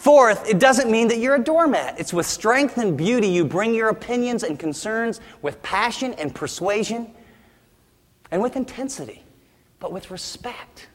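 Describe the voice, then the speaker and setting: A man's voice: sits high, animated, normal speed, in a large hall. A man preaching a sermon as pastor, emphatic and with humorous asides.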